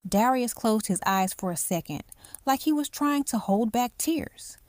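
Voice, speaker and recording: A woman's voice: fairly high pitch, animated, measured pace, a little mellow, no echo. A woman narrating a hospital drama story, voicing each character's lines herself.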